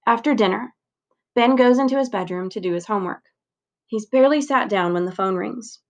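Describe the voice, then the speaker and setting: A woman steadily reading a children's novel aloud, narrating clearly. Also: medium pitch, a little fast. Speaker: reader.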